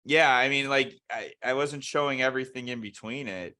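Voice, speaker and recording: Bright-voiced man retelling scenes, swearing. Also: mid-range voice, moderate pace. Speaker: podcast co-host. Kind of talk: casual chat.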